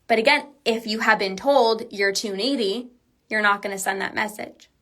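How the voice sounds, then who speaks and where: This binge eating coach delivers a solo podcast monologue in a mid-range, slightly bright voice at a normal speed. She's earnest and emphatic, yet casual, saying "like" a lot.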